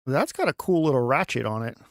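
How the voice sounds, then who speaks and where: A man casually talking through a music production tutorial on a live stream, chatty and thinking out loud with lots of fillers. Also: medium pitch, very animated, brisk, creaky, noisy background. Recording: music playing underneath.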